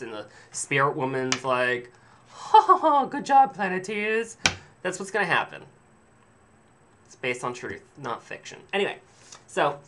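A man's voice: mid-range voice, noisy background. A man telling a rambling, sarcastic story to camera in a casual vlog, swearing freely. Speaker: vlogger.

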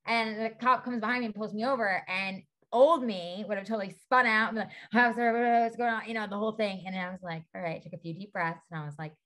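A woman's voice: medium pitch, fast, hardly any pauses, a bit bright. A woman guest on a podcast, a stylist and breathwork coach, talking casually and peppering her speech with "like". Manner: chatty, filler-heavy, says "like" often. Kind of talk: casual conversation.

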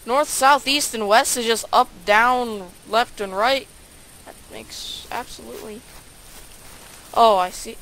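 A woman's voice: on the high side, slow pace, a bit bright, low-quality recording. Sarcastic woman grumbling through a game. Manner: sarcastic, grumbling, talks to herself. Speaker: gaming YouTuber. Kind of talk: casual let's-play commentary.

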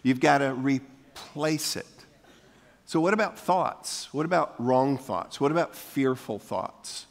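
A man's voice: mid-range voice, takes it slowly. An older man preaching a sermon as pastor, folksy and coaxing the congregation to repeat lines after him. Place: church sanctuary. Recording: long hall reverb from a church sanctuary.

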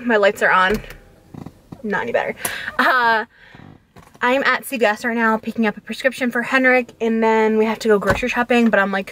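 A woman's voice: mid-range voice, fairly bright tone, a little hiss or hum. A young woman vlogging casually to camera from her car and home, talking in a chatty way full of "like" fillers. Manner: chatty, filler-heavy, many "like"s. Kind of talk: casual vlog chat to camera. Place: inside a car, then at home.

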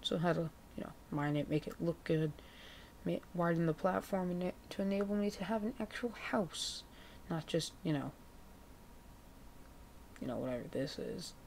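Gravelly low-voiced woman narrating gameplay. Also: normal speed, pauses often, darkish tone, a little hiss or hum. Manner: chatty, laid-back, self-mocking. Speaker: gaming video creator. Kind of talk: casual gameplay commentary. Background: background music, keyboard typing.

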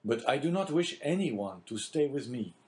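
A man's voice: medium pitch, very animated, normal speed, a little mellow, pitched above the performer's own voice, natural voice. A man reading the part of a stubborn young sailor feigning injury in an audiobook, speaking insistently. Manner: insistent, somewhat raised over the narration.

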